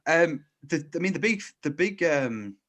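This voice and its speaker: A man's voice: a little high, animated, a little slow, a bit bright. A man hosting a podcast in casual chat, rambling, often restarting his sentences and laughing. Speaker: podcast host.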